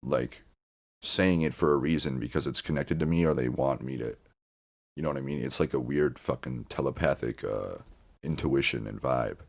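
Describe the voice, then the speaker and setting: An extremely deep, gravelly voice belongs to a male podcast host speaking at a moderate pace. His monologue meanders loosely as he doubles back mid-sentence, restarts often and swears casually.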